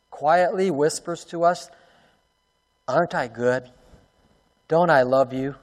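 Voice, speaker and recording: A man preaching a sermon to his congregation, swinging between loud emphatic lines and hushed soft ones and asking the room rhetorical questions. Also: high-pitched, in a large hall. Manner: talks directly to the congregation, asks rhetorical questions. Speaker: pastor.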